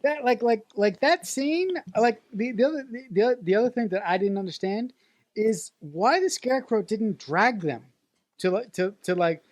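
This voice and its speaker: A woman's voice: a little high, animated, moderate pace, a little mellow, no room sound. Hesitant, giggly woman podcaster. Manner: hesitant, repeats words, laughs often. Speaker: podcast co-host. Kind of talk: casual movie review chat.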